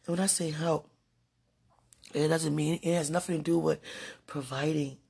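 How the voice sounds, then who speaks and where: This woman's podcast monologue is a casual, chatty talk directed at her partner, punctuated by frequent laughter. She speaks at normal speed in a deep, steady, mellow voice with vocal fry and a slight roughness.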